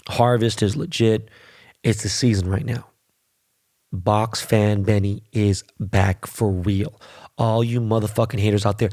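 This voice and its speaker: A man's voice: fairly low pitch, darkish tone. A middle-aged man hosting his own podcast alone, ranting in a profane, boastful way. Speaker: podcast host. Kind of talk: solo podcast monologue.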